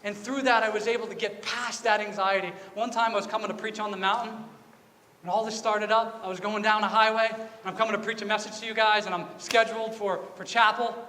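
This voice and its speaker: A high, bright-voiced male pastor delivering an earnest, confessional sermon. His words ring out with a long church-hall reverb over a faint hum of ambience. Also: level tone, fast. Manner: earnest, confessional storytelling with repeated phrases. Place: church sanctuary.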